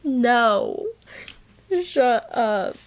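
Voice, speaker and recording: A young woman recaps a novel in a casual reading vlog. She talks at an unhurried, drawn-out pace, gushing and excitable, and now and then reads passages aloud. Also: a little high. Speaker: book vlogger.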